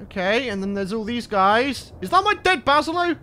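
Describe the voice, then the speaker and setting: Male let's-play host, lively sing-song pitch, easily spooked. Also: moderate pace. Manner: jittery, exclaims and repeats himself when scared. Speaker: gaming channel host.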